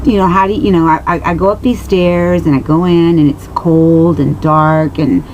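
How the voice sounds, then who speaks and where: Low-voiced woman telling a rambling personal story. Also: fairly even intonation, normal speed, a little mellow, highs cut off, a little hiss or hum. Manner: rambling, with many restarts and asides to viewers; earnest and emotional. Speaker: vlogger answering viewers.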